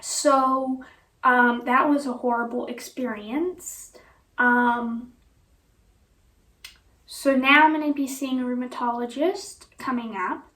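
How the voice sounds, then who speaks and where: A woman recounts a personal story for her vlog. Her voice is high and bright, and she rambles along at an unhurried pace with many fillers. The sound is echoey, as if she sits some distance from the mic in a bare room. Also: steady tone. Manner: rambling, full of "you know" and "like" fillers. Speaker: vlogger.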